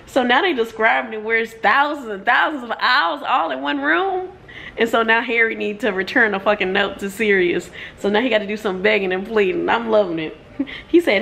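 Gravelly young woman vlogging casually. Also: on the high side, moderate pace. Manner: expressive, laughing, slangy and profane. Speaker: book vlogger. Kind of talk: casual reading vlog.

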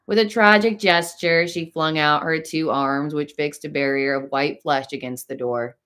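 Low-voiced woman narrating dramatically. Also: normal speed. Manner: expressive, dramatic reading. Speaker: audiobook narrator. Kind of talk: audiobook narration of a classic novel.

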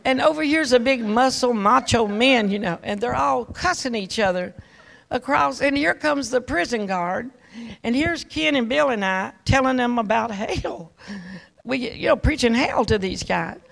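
An older woman evangelist telling a testimony in a folksy, animated way, with chuckles and frequent restarts. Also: fairly high pitch, normal speed, gravelly. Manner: repeats words and restarts often. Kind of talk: testimony storytelling.

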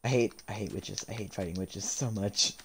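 A man giving live commentary as he plays a game, animated and often laughing, chatting to the characters on screen. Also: lowish voice, moderate pace, heavy background noise. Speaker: streamer.

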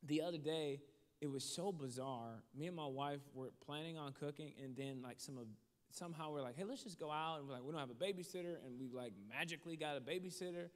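A man telling a story as a motivational speaker, shifting from animated to hushed. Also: fairly high pitch, fast talker. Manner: animated storytelling that drops to a hushed voice for serious moments. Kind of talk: storytelling sermon. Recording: long hall reverb.

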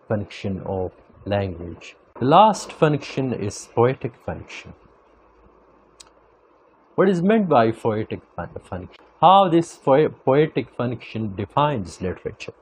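A man giving an academic lecture, speaking deliberately and repeating key phrases for emphasis. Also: on the low side, expressive, slight background noise, poor audio.

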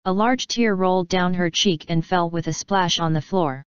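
A woman narrating a children's audiobook in a measured storytelling way. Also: on the low side, clean tone, no room sound. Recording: slightly dull, dry recording.

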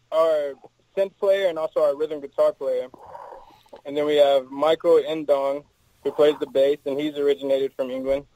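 A man from Texas, a band's lead singer, talks easily with a mellow, darker tone pitched a bit higher than most men. The sound is dry and close, with no room around it. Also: dry recording, low-quality recording. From Texas, USA. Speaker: band lead singer, guest. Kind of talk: casual interview answers.

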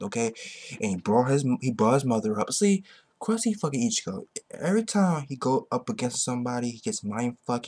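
Husky, excitable profane ranting man. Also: mid-range voice. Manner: excitable, heavily profane, repetitive. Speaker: manga chapter reviewer. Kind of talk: ranting reaction commentary.

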